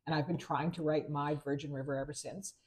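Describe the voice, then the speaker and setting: A woman novelist co-hosting a casual chat podcast, a lively storyteller who slips into the voices of people she quotes. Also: low-pitched, a little fast. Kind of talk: casual chat over wine.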